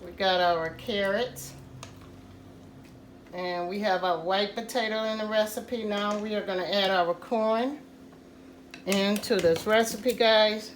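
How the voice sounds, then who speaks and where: A woman hosting a casual home cooking tutorial, talking slowly and repeating "guys" to her viewers. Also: mid-range voice, steady tone, echoey room, a little hiss or hum. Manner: slow, repetitive, says "guys" often. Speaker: cooking channel host.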